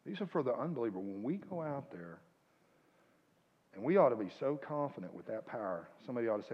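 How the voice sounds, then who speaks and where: A man's voice: mid-range voice, animated, fast talker, slightly rough. Man preaching in an echoey hall. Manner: swings between loud exhortation and quiet asides. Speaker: pastor. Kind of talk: sermon. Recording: muffled, reverberant church hall.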